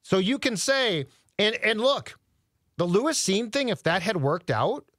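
A man co-hosting a sports podcast, animated and quick to jump into the conversation. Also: sits high, dry recording, clean studio sound. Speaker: podcast co-host. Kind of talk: casual sports chat.

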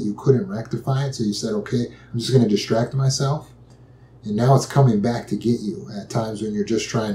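A man calmly and patiently teaching a step-by-step method for overcoming anxiety, repeating key phrases as he explains. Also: on the low side. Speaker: anxiety and trauma recovery teacher. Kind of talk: instructional talk. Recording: echoey room.

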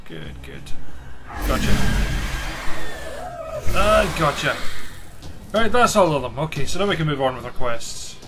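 A man's voice: a little high, very animated, unhurried, long pauses, heavy background noise. A man with a Scottish accent giving casual, chatty let's-play commentary and teasing the game as he plays. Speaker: gamer playing a game.

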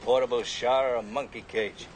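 An actor plays a wry man explaining things with a joking edge in a film scene. His voice sits in an ordinary middle range, and steady background noise runs under it. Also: mid-range voice, fairly quick, close to an everyday voice. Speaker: film character.

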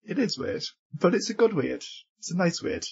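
A man co-hosting a podcast in casual chat, chatty and quick to laugh. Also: sits high, sing-song, gravelly, highs cut off, background noise. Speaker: podcast co-host.

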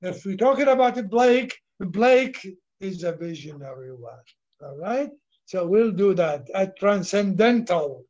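Slow, high-voiced man lecturing on literature. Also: lively intonation, a little mellow. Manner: repeats words, asks questions and answers them himself; switches into Arabic briefly. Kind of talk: classroom lecture. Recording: dull lo-fi recording.

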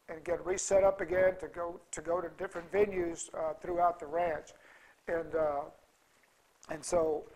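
A man's voice: high-pitched, poor audio. A middle-aged man telling a rambling, folksy story at a conference, full of restarts and fillers. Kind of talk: casual storytelling talk.

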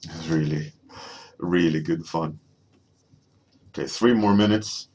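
Male artist-streamer, very deep and husky, easygoing rambling talk full of fillers. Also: takes it slowly, darkish tone. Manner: rambling, many fillers and restarts. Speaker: artist streaming a painting warmup. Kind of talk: casual chat while painting, reading chat.

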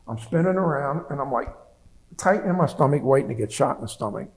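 A man's voice: mid-range voice, animated, a little fast, creaky, rough recording. An older man, a veteran, telling his wartime story in a plainspoken, rambling way with many restarts. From United States. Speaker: veteran interviewee. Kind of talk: oral history recollection.

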